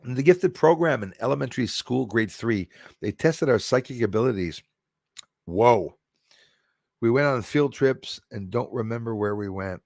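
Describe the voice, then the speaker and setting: A man's voice: mid-range voice, moderate pace, darkish tone, no room sound, clean studio sound. Rambling Quebecois man hosting a live stream. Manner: rambling, reads out and answers viewer comments. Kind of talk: casual live stream chat.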